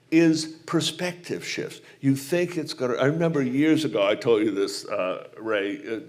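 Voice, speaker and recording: A man from Maine, a humorist telling anecdotes and reflecting on humor in a live stage interview, speaking in a rambling, searching way. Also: fairly low pitch. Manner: rambling anecdotal storyteller, many fillers and restarts, reflective. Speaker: humorist guest. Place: small live performance venue.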